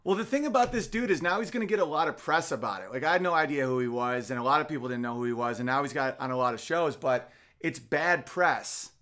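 A man in his thirties hosting a podcast, ranting profanely and reading out viewer comments, swinging between loud outbursts and muttered asides. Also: mid-range voice, animated, fast. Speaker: podcast host. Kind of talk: casual podcast rant, reading chat comments.

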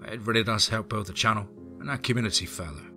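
Deep-voiced man narrating horror. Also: quick pace, over music. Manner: enthusiastic, effusive.

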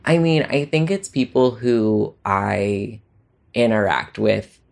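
A mid-pitched podcast guest in casual chat, loose and self-deprecating, laughing easily through the conversation. Neither high nor low in pitch. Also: steady tone, slow pace, vocal fry, darkish tone.

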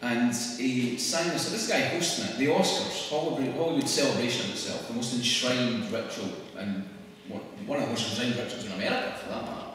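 A Scottish man gives a wry, conversational talk, his mid-pitched voice picked up from a distance. The sound is roomy, with a long reverb tail and a faint hiss underneath. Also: fairly bright tone. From Scotland. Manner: conversational and wry, quick laughs. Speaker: speaker at a public event. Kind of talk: public talk to an audience. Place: church hall. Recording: echoey hall recorded from far off.

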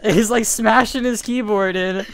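A young man casually telling a funny story to friends, swearing often and animated. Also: high voice, measured pace, background noise.

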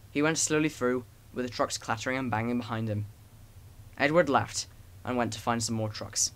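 A man narrating a children's storybook as an audiobook. He reads in a gentle, even storytelling manner, with a voice of ordinary middle pitch. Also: normal speed. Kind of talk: storybook reading.

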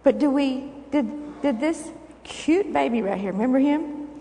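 A woman's voice: high-pitched, lively intonation, measured pace, warm tone. An older woman giving a children's sermon in a church, coaxing and asking the children questions. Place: church sanctuary. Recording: echoey church hall recording.

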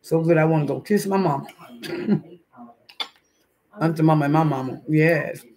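A man's voice: a little high, normal speed. A man hosting a casual live stream, chatting and reading the chat aloud as he eats breakfast, laughing often. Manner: laughs often, with sudden loud outbursts.

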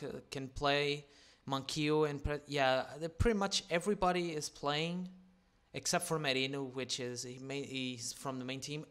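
A young man casually commentating a football video game, swearing a lot and getting loud at big moments. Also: medium pitch, clear, resonant tone. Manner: excitable, swears constantly, shouts at big moments. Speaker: gaming commentator.

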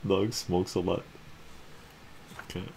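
A man hosting a relaxed ASMR comic reading, laid-back and chuckling often. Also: sits low, slow pace, vocal fry, slight background noise. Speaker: channel host reading comics.

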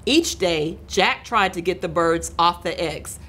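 A middle-aged woman reading a picture book aloud to children, expressive and talking to her young listeners. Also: on the low side, measured pace. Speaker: school administrator reading aloud.

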